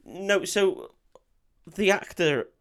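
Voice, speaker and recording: A man's voice: sits high, big pitch swings, very slow, a crowd in the background. Sweary laughing man recapping a film. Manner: sweary, laughing, acts out quoted lines. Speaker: podcast co-host. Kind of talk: casual film recap chat.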